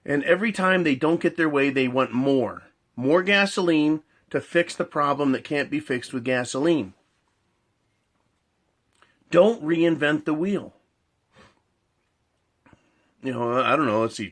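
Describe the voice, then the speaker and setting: A man's voice: medium pitch, a bit bright. A man ranting in a monologue. He swears a lot, repeats his points, builds long analogies and keeps asking "right?". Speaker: commentator.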